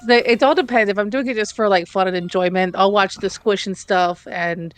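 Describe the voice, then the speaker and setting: A podcast speaker with a soft, soothing way of talking, a little hesitant. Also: medium pitch, fairly even intonation, brisk, clean tone. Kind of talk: casual chat.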